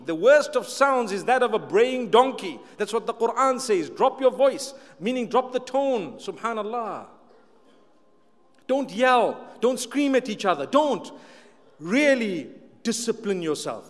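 A man preaching a sermon to a live audience, emphatic and repetitive, with light humorous asides. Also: high-pitched. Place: large hall with an audience. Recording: long hall reverb.

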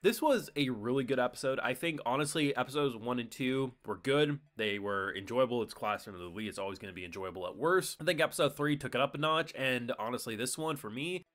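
A man hosting a casual anime review, animated and acting out characters' lines as he talks. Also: medium pitch, quick pace, hardly any pauses. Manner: animated, acts out quotes. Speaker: streamer and reviewer.

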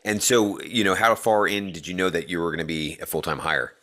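A man's voice: sits low, fairly quick, pushed and bright. A man hosting an interview, laughing along and giving short, encouraging replies and questions. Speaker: podcast host. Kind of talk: casual interview.

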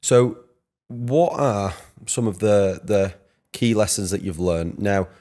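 Deep-voiced podcast host. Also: male voice, slow pace, mellow. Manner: laid-back, brief prompts and questions. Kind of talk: casual podcast interview.

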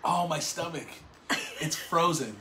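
A young man co-hosting a casual livestream chat, animated and laughing through his talk. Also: a little high, measured pace. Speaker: co-host. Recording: loud background noise.

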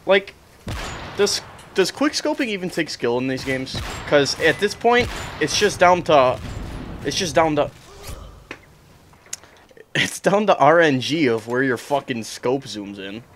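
A man's voice: a little high, animated, a little slow, long pauses, fairly bright tone, a little hiss or hum. A young man ranting and swearing in frustration while commenting on his own gameplay. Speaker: gaming streamer.

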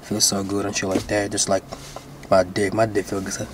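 A man's voice: lowish voice, completely flat delivery, normal speed, slight background noise. A man vlogging to his viewers in casual chat, rambling and slangy, swearing and saying bro constantly.

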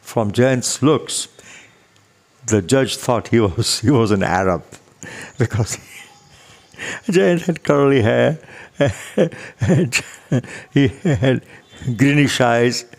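Older guy telling a story slow and easy, gravelly voice, acts out the people talking. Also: medium pitch. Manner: chuckling, unhurried, with quoted dialogue. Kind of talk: casual storytelling.

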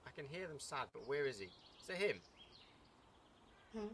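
A man commentating on a video game as he plays, excitable and chattering, cheering the game on. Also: a little high, normal speed. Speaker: gaming YouTuber. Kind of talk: let's play commentary. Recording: loud background noise.

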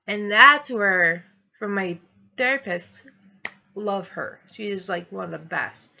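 A woman's voice: mid-range voice, slow pace, vocal fry, pushed and bright, lo-fi sound. A young adult woman vlogging, telling a personal story in a rambling, casual way and laughing through it.

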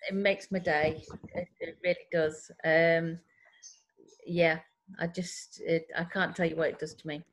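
A woman's voice: sits low, little pitch movement, unhurried. A woman telling a rambling personal story in a casual group video call. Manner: rambling storyteller who acts out quoted voices. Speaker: group member sharing a story. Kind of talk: casual chat.

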